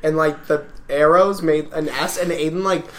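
A man's voice: fairly high pitch, steady tone, normal speed, a little hiss or hum. A man from Canada co-hosting a podcast, telling rambling stories in casual chat with friends. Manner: rambling storyteller, lots of fillers. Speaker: podcast co-host.

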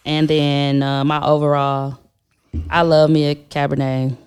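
A person from Milwaukee hosting a casual wine tasting, easygoing and quick to laugh. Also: medium pitch, level tone, smooth. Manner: laid-back, laughs easily, reads out ratings. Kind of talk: casual chat.

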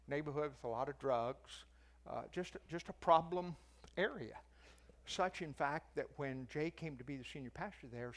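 A man's voice: mid-range voice, fairly bright tone. An older man preaching and teaching, telling a story in a conversational way and raising his voice for the quoted lines. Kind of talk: sermon.

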